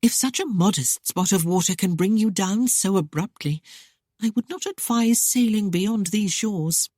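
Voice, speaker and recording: A woman voicing a spirited, sharp-tongued young noblewoman who teases and defies the man she argues with. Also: medium pitch, unhurried, no echo, clean studio sound, voice pushed up, close to an everyday voice. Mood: defiant teasing. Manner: teasing and defiant.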